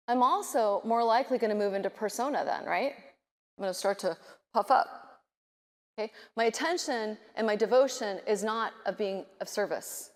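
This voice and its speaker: A middle-aged woman giving a conference keynote speech, animated, often acting out nervous inner voices. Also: fairly high pitch. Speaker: keynote speaker. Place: large conference hall. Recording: reverberant conference hall.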